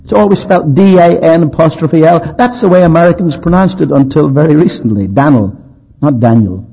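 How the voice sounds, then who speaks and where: A man's voice: a little high, brisk, vocal fry, mellow, slightly rough, highs cut off. A man preaching a sermon, telling historical stories in an anecdotal, dryly humorous, emphatic way.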